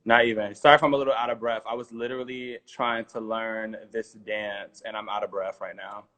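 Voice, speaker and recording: A man's voice: lowish voice, level tone, a little fast, fairly bright tone, rough recording. A man being interviewed over a remote call, chatting in an easygoing, slightly scattered way. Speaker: guest. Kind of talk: casual interview chat.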